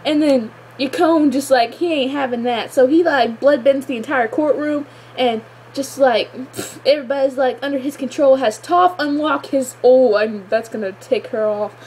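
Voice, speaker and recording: A woman's voice: sits high, normal speed, few pauses, darkish tone, a little hiss or hum, rough recording. A woman reviewing a show episode in a gushing, exclamatory chat full of filler words. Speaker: fan reviewer.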